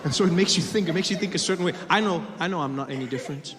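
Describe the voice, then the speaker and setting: High-voiced stand-up comic in a hall. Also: male voice, crowd noise. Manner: conversational, self-deprecating, with halting restarts. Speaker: stand-up comedian. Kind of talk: stand-up storytelling. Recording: reverberant live hall with audience noise.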